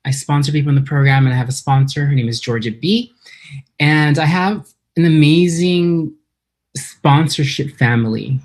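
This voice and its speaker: A woman's voice: deep voice, moderate pace, a little mellow. A woman from San Diego giving an earnest, emotional personal recovery talk at a meeting, a little nervous, speaking into her computer on a video call. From San Diego, California. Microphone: computer for an online video meeting.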